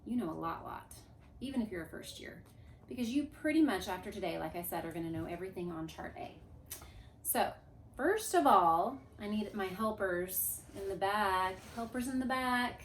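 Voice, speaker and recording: A woman's voice: mid-range voice, brisk, slight background noise. Woman teacher coaxing a class. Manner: lively, coaxing, leads chants. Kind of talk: classroom grammar review. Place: classroom with a board. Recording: echoey room.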